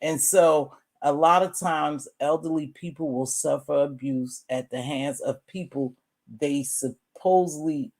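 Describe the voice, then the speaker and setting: Chatty woman in her sixties. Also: low-pitched. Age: 60s. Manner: animated, chatty, calls listeners "baby" and "y'all". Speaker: guest telling a family story. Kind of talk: casual storytelling to a live audience.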